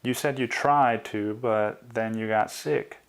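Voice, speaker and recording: A man voicing a young woman, his girlfriend, who speaks softly and sounds tired and tearful. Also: mid-range voice, fairly even intonation, slow pace, vocal fry, clear, resonant tone. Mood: hurt. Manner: soft, weary and tearful.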